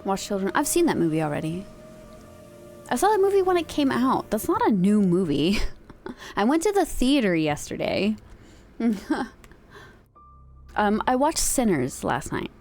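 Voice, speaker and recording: A woman's voice: medium pitch, sing-song, measured pace, pauses often, a little mellow, faint music behind. A woman streamer chatting casually in a rambling way, laughing easily. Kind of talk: casual chat.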